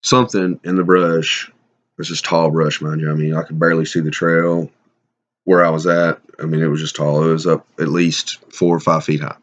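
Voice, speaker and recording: A middle-aged man telling a casual story to camera, rambling and halting, with many restarts and fillers. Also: a bass voice, level tone. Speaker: bigfoot hunter sharing encounters. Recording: dull lo-fi sound.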